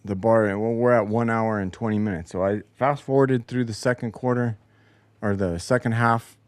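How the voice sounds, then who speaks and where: A man's voice: lowish voice, darkish tone, dry recording. A man hosting a casual solo show, telling a profane, exasperated story about a broken game recording. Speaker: podcast host. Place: home basement.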